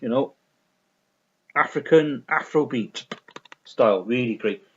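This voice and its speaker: A man's voice: mid-range voice, measured pace, fairly bright tone. A man chatting casually about records he bought, rambling and repetitive, swearing freely and full of enthusiasm, on a lo-fi recording. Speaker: vinyl record reviewer. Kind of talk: casual unscripted chat.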